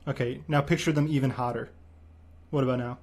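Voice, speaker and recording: A man hosting a live stream, chatting in a deadpan, monotone way. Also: mid-range voice, a little fast. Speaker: streamer host. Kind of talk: casual chat on a stream.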